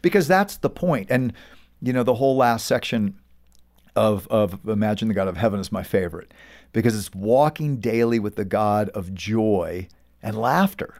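A man's voice: lowish voice, animated, moderate pace, a little mellow. A man, a pastor and author, earnestly recounting stories as a guest in a faith interview. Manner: earnest, storytelling.

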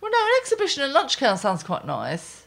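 An older woman co-hosting a casual chat, reading her own column aloud in a wry, lively way. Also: sits high, fast, gravelly.

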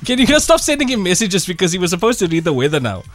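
A man co-hosting radio, running a game and ribbing his colleague. His voice sits a little high and swings widely in pitch. Soft music runs behind him. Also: very animated, racing, no echo. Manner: teasing, game-leading. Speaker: radio co-host. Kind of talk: playful studio banter.

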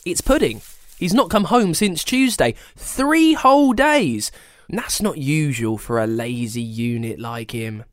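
A storyteller voicing a chatty, eccentric elderly grandmother who sews, with a fussy, high-pitched manner. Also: big pitch swings, a little slow, no echo, clean studio sound. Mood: worried. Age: older.

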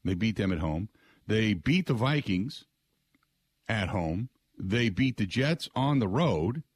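A middle-aged man hosting sports talk radio, excitable and rambling, often putting on other people's voices. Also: on the low side, slow, husky, dry recording. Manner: excitable, mimics voices, frequent restarts.

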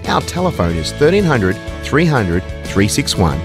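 A man's voice: mid-range voice, very animated, normal speed, few pauses, over music. A man reading a scripted station promo in an upbeat, inviting way. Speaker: station announcer.

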